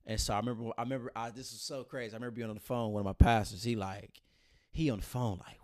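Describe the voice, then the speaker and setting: A man's voice: fairly low pitch, racing, no echo, clean studio sound. A man, telling a personal story in casual conversation, repeating phrases and acting out what others said. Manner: animated retelling, quoting others, repeating phrases. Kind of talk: casual chat.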